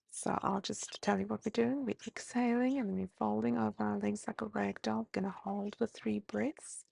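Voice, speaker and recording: An Australian woman guides breathing and stretching as a mindfulness teacher, unhurried and gentle. Her voice is low-toned and mellow with heavy vocal fry and a rough, husky texture. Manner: calm, slow, gently instructive. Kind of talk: guided movement and breathing instruction.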